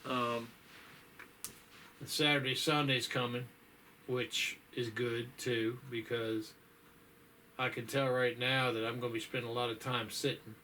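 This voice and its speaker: A man's voice: medium pitch, flat delivery, measured pace, long pauses, bright, forceful tone, slight background noise. A man chatting casually to his viewers in a folksy, rambling way, tired and yawning, with lots of fillers and sighs. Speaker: vlogger. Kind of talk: casual chat.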